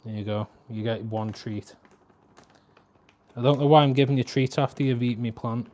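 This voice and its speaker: Man, casual live stream chat, chatty, middle pitch. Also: steady tone, moderate pace, mellow. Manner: chatty, talks to his cat and viewers, voice jumps high when scolding.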